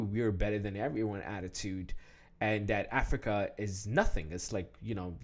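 Animated young man, lively pitch. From Ethiopian heritage, raised in the West. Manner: animated, many fillers and restarts, laughs often. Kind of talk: casual talk to camera.

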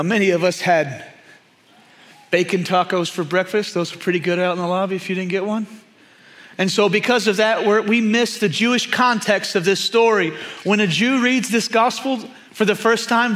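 High-voiced preacher, emphatic. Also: male voice. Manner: emphatic, repeats key phrases, drops to hushed intensity. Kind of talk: sermon.

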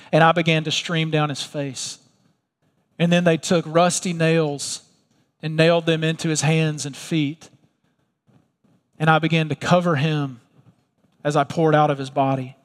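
A man's voice: on the high side, level tone, normal speed, natural voice. A man voicing blood as a solemn courtroom witness, giving grave, vivid testimony. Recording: long reverb of a large hall.

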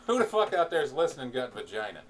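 A man's voice: mid-range voice, sing-song, fast talker. A man hosting a crude, casual talk show, profane and brash. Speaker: podcast host. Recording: distant mic, faint noise.

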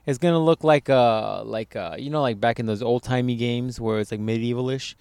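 A man riffing on a podcast in crude, swear-laden banter, animating his stories with quick put-on voices. His voice is smooth and resonant at a middle pitch. The sound is dry and close, with no room around it. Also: dry recording. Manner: loose, swearing, animated storytelling. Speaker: podcast co-host.

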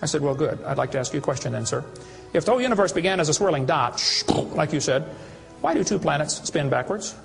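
A man's voice: fairly high pitch, animated, fast talker, vocal fry, faint music behind. A man giving a preaching lecture to an audience, telling folksy, mocking stories with acted dialogue. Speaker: creation science speaker.

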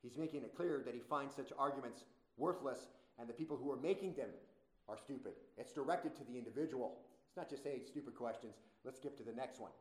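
A man's voice: mid-range voice, brisk, reverberant, rough recording. A male pastor preaching a sermon in a conversational way, with many rhetorical questions.

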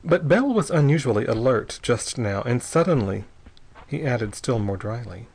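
A man reading an adventure novel aloud in a measured, steady narration. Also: medium pitch, gravelly, slight background noise, rough recording. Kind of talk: audiobook narration.

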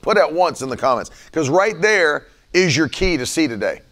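Man, fervent preacher, gravelly voice, slightly high pitch, repeats lines with rising emphasis. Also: sing-song, brisk, few pauses, fairly bright tone. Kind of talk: livestreamed sermon.

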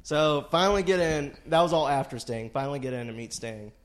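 A man in his late twenties co-hosts a podcast, telling a story in casual chat full of dry asides and plenty of swearing. His voice is a little high and a little fast, with lively intonation.

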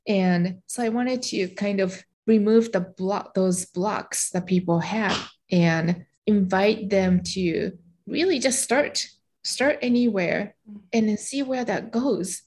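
A woman's voice: medium pitch, takes it slowly, a little mellow. A middle-aged woman from Japan, speaking English as her second language with a Japanese accent, a guest in an interview, reflective, with many "like" fillers and light laughs. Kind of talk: interview conversation.

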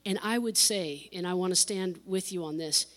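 A woman's voice: lowish voice, normal speed, fairly bright tone. A woman pastor preaching an emotional sermon, repeating phrases for emphasis and laughing between lines.

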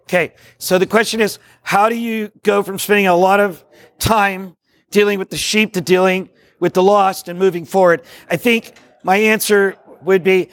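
Excitable high-voiced man leading a workshop. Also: moderate pace, dry recording. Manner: excitable, rambling, jokey, preacherly. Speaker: workshop speaker on discipleship. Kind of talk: live workshop talk to a group. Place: meeting room with a live audience.

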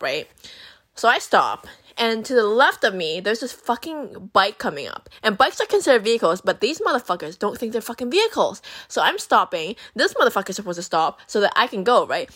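A young woman telling a story to camera in a casual, chatty way, swearing freely and using lots of fillers. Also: medium pitch. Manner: profane, animated, chatty with many fillers. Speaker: vlogger.

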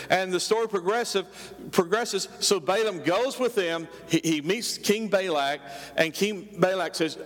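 A man's voice: sits high, fairly bright tone, big-room sound. A man preaching a sermon, telling a story with animation and calling out questions to his congregation. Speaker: pastor.

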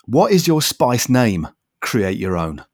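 Lively, chatty male podcast host. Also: mid-range voice, slow, husky, no room sound, clean studio sound. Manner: chatty, laughs often, says mate a lot. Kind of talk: casual interview chat.

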